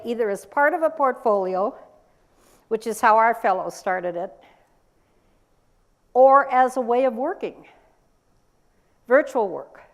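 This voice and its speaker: Older woman, fairly high voice, emphatic conference speaker who fires questions at the crowd. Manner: lively, emphatic, quizzes the audience. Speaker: workforce speaker. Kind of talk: conference talk.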